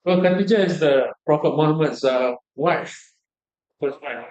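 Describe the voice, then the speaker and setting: A man's voice: a little high, moderate pace, a little mellow, dull audio. A man in a casual chat over tea, explaining at length with hesitant fillers.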